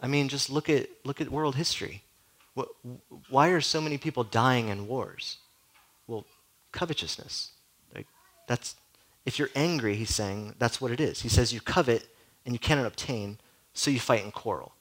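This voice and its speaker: A male pastor delivers a sermon in a loose, conversational style. He often drops in "like" and puts questions straight to his listeners. His voice sits at a medium pitch for a man. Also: normal speed, a bit bright, poor audio. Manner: conversational, peppered with "like" and direct questions.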